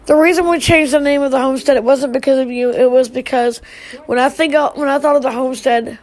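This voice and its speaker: A middle-aged woman on a live stream giving an emotional personal message to her family. She talks in a halting, tearful way, with sighs and restarts. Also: sits high, steady tone, darkish tone, low-quality recording.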